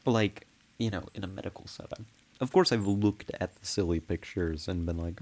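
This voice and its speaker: A man's voice: deep voice, moderate pace, a little mellow, slight background noise. A man streaming a game and rambling casually with his viewers, with frequent giggles. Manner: rambling and giggly, laughing often; chats with viewers while playing. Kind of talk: casual livestream chat.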